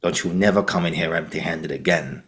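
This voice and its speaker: A man voicing a menacing male gang leader in a low, gruff delivery. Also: brisk, fairly bright tone.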